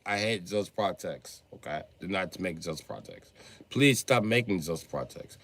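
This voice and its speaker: A man on a livestream who rants about cars in a profane, excitable way, now and then bursting into a shout. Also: fairly low pitch, normal speed. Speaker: livestreamer and car mechanic. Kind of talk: profane ranting livestream chat.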